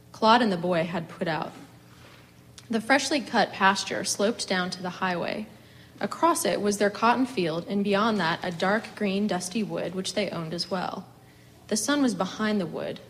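A woman reading a story aloud in a measured, expressive way. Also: mid-range voice, a little hiss or hum, rough recording. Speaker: reader.

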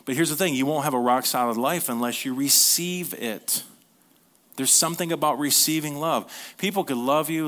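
A man preaching a sermon in an earnest, conversational way, reading scripture slowly and asking his listeners questions. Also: a bit bright. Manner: reads scripture slowly, then rises in pitch and energy.

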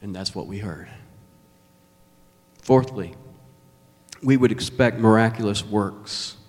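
A man preaching a sermon as pastor, emphatic and measured, with dramatic pauses. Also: fairly low pitch, darkish tone. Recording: long reverb of a large hall.

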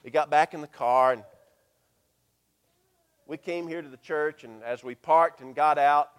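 A man, a pastor telling a story in his sermon and quoting scripture in a hushed, slow voice. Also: on the high side, clean tone.

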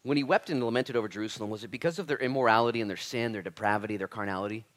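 A man preaching a sermon as pastor, impassioned and casual, swinging from loud emphatic lines to hushed near-whispers. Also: lowish voice, rapid-fire. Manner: casual slangy address, says "dude" and "man".

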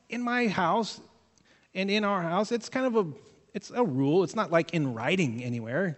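A man preaching a sermon in a casual, animated way, with jokey asides to his congregation. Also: on the high side, in a large hall. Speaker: pastor.

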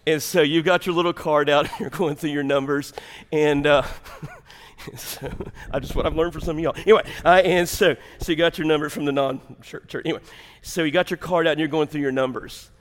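A preacher with a rather high voice delivers a sermon in a church sanctuary. He lurches between shouting and hushed, almost whispered lines, often laughing at his own asides, while his voice rings out into long hall reverb. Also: steady tone, fairly quick. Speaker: pastor.

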